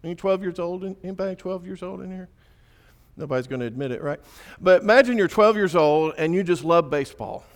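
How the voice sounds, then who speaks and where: A man preaching a sermon, swinging between hushed and emphatic delivery. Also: high voice, brisk. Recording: echoey church hall.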